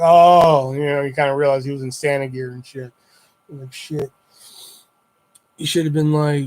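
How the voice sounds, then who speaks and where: A man's voice: a little high, steady tone, normal speed, darkish tone. A young man chatting on a livestream, telling rambling stories in a loose, profane way. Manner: profane, rambling, laid-back. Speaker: streamer. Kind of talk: casual livestream storytelling.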